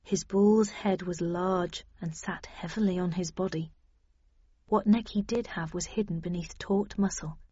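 A woman giving a steady scripted audiobook narration in the first person. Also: on the low side, measured pace, breathy edge, no echo. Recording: dull lo-fi dry recording.

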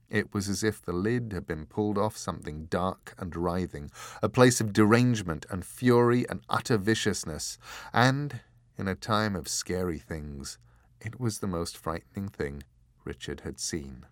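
A man narrating a fantasy novel in an expressive, measured storytelling manner. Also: low voice, no echo, clean studio sound. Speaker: audiobook narrator. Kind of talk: scripted fiction narration.

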